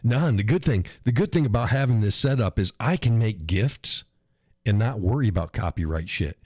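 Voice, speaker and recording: A man's voice: lowish voice, expressive, moderate pace, a little mellow, dry recording, clean studio sound. A man hosting a casual live stream, reading chat messages aloud, swearing often and laughing between lines.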